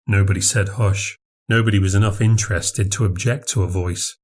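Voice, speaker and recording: A man narrating a horror story in a measured, unhurried reading. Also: on the low side, fairly even intonation, slightly rough.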